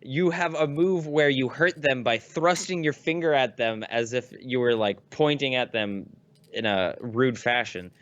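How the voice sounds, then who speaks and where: A man co-hosting a podcast in casual chat, swearing a lot and getting excitable as he tells stories. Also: mid-range voice, measured pace, highs cut off. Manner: profane, excitable storyteller. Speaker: podcast co-host.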